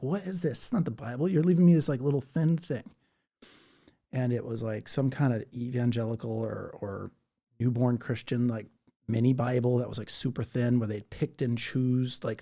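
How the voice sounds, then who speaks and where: A mellow, medium-pitched male voice belongs to a livestream host. He chats in a rambling, easygoing way and reads aloud what viewers post in the chat.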